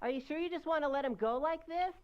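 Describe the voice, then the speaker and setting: A woman's voice: high-pitched, quick pace, highs cut off, crowd noise, lightly acted. A woman voicing a whiny, bratty young boy in a video game.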